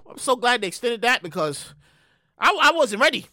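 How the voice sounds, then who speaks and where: Animated high-pitched woman host ranting. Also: a little fast, no echo, studio quality. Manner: animated, loud outbursts and mock voices, repeats phrases. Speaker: podcast host. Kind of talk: casual news commentary.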